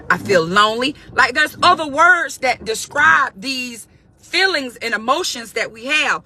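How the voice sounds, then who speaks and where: A faith-based motivational speaker with a bright, sharp, slightly high voice preaches encouragement. Her informal spiritual talk is emphatic and conversational, and she repeats key phrases.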